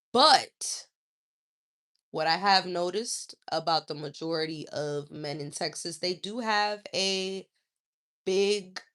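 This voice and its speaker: Woman live-streamer, unhurried delivery, mid pitch, blunt and foul-mouthed, reads and answers chat comments. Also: pushed and bright. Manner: blunt, profane, scolding.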